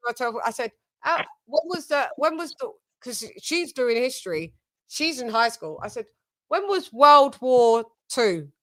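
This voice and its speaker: A woman's voice: high-pitched, sing-song, measured pace, a bit bright. Chatty British woman spinning stories. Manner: rambling, swearing family anecdotes. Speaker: live stream host. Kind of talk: casual chat.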